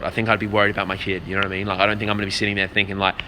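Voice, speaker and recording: A man's voice: fairly low pitch, little pitch movement, racing, few pauses, bright, forceful tone. A young man vlogging in casual, rambling talk, swearing freely and calling the listener "man" and "bro". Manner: rambling, profane storytelling with lots of "man" and "bro". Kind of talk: casual vlog chat. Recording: faint background noise.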